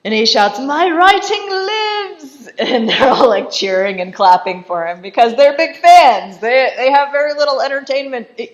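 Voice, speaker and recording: A woman casually recapping a film in chatty commentary, saying "like" constantly and laughing often. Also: medium pitch. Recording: dull lo-fi voice recording.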